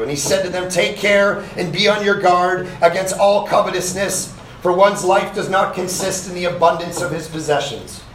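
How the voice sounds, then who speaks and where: At a summer camp session, a male pastor preaches at a normal speed in a high voice, reading scripture and driving each line home with rising loudness. Between points he drops into conversational asides to the young people listening, all captured in a rough, roomy recording with a little background noise.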